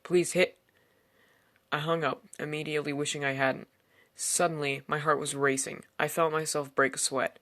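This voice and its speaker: A man's voice: on the high side, level tone, brisk, pushed and bright. A man reading a first-person horror story aloud in a tense storytelling manner. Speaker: narrator. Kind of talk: scripted horror story narration.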